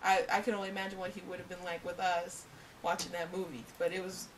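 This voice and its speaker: A woman co-hosting a casual movie review chat, gushing and trailing off softly. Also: lowish voice, flat delivery, fast, distant mic, a little hiss or hum, low-quality recording. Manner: gushing, trails off softly, bursts into loud impressions. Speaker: co-host of a movie review show. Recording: voice from away from the mic.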